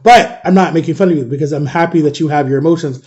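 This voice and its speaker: Warm-voiced man telling a storytime vlog. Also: on the high side, fast talker, highs cut off. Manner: animated retelling, keeps quoting both sides of a conversation. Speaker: vlogger telling a personal story. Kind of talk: casual storytime.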